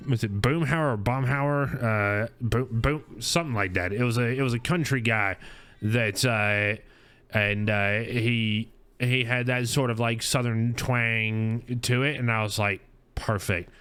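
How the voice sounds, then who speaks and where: A man's voice: mid-range voice, measured pace, fairly bright tone, clean tone. A middle-aged man hosting a casual podcast, telling rambling stories full of restarts and chuckles. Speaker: podcast host. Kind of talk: casual chat.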